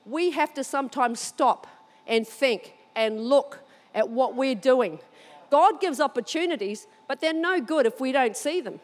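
A woman preaching, telling a personal story with animated, excited delivery. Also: high voice, measured pace, in a large hall.

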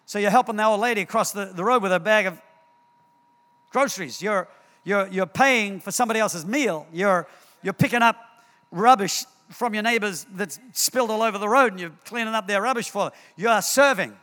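Bright-voiced pastor man preaching. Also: high-pitched, brisk. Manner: animated storytelling, repeats words, acts out scenes. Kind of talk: sermon. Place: church hall. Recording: long hall reverb.

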